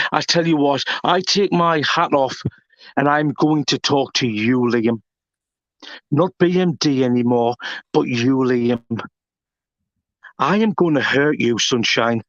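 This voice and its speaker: A wrestling promoter cutting a threatening promo, taunting his opponent and rising to shouts. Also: medium pitch, no echo. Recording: dull lo-fi sound.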